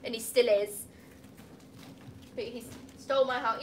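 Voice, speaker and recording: A woman's voice: on the high side, fairly even intonation, unhurried, slight background noise. A woman opening gifts at a cat cafe, chatting casually and cooing at the cats. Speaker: cat cafe staff member.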